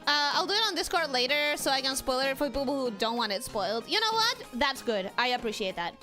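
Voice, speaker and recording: High-voiced young woman streamer chatting. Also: sing-song, a little fast, bright, forceful tone. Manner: chatty, greets viewers, joking asides. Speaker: VTuber streamer. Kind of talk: casual let's-play chat. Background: game music.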